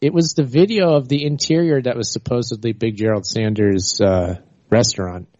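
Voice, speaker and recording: A co-host chatting casually and explaining things in an easygoing way. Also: male voice, medium pitch, normal speed, darkish tone, no room sound. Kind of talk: casual chat. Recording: dull lo-fi audio.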